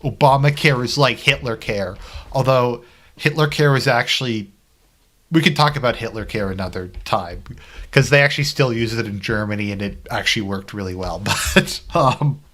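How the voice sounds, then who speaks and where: A man's voice: mid-range voice, moderate pace, fairly bright tone. A man giving casual, rambling commentary on a news article, heavy on fillers and sarcastic asides. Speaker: political commentary vlogger.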